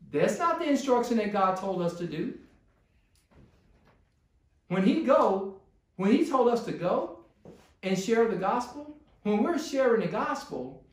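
Male pastor preaching, high-pitched voice, heavy church-room echo, pleading sermon delivery. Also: recorded from a distance. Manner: preaching with rising, pleading intensity. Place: church sanctuary.

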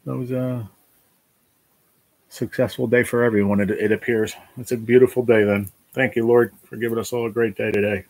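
A man's voice: medium pitch, little pitch movement, normal speed, darkish tone. A man hosting a casual live stream from a basement room, chatting in a laid-back, rambling way and calling his viewers man and bro.

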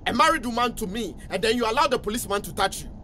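A man's voice: very high voice, animated, rapid-fire, bright, forceful tone, slight background noise, heavily acted. An actor playing a jealous husband who scolds his wife in Ghanaian English, indignant and accusing.

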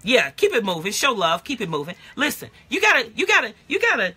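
Passionate husky woman preaching a live prayer. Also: a little high, wildly swooping pitch, brisk, pushed and bright. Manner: passionate, call-and-response preaching with repeated refrains. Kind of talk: live prophetic prayer and teaching. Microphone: phone or webcam livestream.

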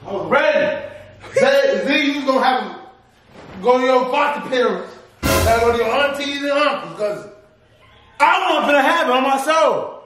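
A man's voice: extremely high pitch, lively intonation, normal speed, pauses often. A young man, heated and swearing as he confronts his fiancée. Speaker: fiancé of the vlogger. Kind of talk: heated casual argument. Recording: echoey noisy home recording.

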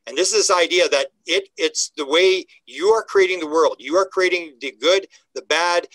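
A man's voice: high-pitched, moderate pace, fairly bright tone, no room sound, poor audio. An older man talking casually as a podcast guest, folksy and emphatic, often repeating words as he starts a sentence. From Canada. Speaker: guest, UFO researcher. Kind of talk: casual interview talk.

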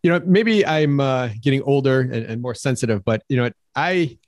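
A man's voice: mid-range voice, moderate pace, dry recording, studio quality. A man co-hosting a podcast as a real estate broker, talking enthusiastically in rambling runs with frequent restarts. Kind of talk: casual podcast chat.

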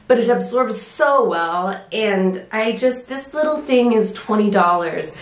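A woman's voice: medium pitch, echoey room. A woman chatting casually through a beauty product review, a little winded, with many fillers and restarts. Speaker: beauty vlogger.

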